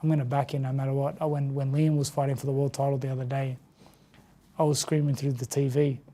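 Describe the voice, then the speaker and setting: A man's voice: mid-range voice, level tone, quick pace, mellow. A tired Australian man and former boxer, talking earnestly and emotionally as an interview guest. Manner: earnest, heartfelt, repeats words when moved.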